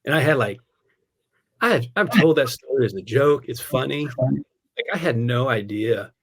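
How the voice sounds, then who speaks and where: A man with a voice of everyday pitch tells a personal story in a relaxed podcast conversation. He speaks as a pastor, animated and candid, often breaking into laughter. He sprinkles his sentences with "man" and "dude". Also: normal speed, slightly rough.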